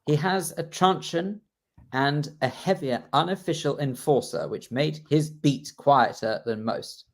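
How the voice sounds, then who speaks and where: A man's voice: fairly high pitch, a little slow. A man co-hosting a radio talk show, ranting with emphasis and correcting himself as he goes. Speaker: radio co-host.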